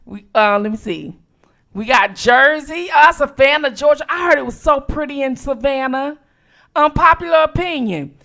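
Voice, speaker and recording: A woman from Detroit hosting a late-night livestream, chatting casually with viewers and reacting quickly to each comment. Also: sits high, creaky. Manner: animated, reads out viewer locations with quick reactions. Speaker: livestream host.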